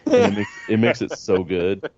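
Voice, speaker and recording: A man's voice: lowish voice, wildly swooping pitch, normal speed, a little mellow, no room sound. A man in casual podcast chat, laid-back and explaining at length. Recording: dull lo-fi podcast audio.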